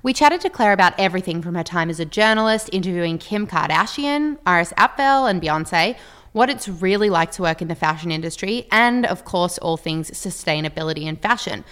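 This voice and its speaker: A young woman co-hosting a podcast, bubbly and enthusiastic with a quick delivery. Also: on the low side, expressive, a bit bright, clean tone. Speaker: co-host. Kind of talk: podcast interview.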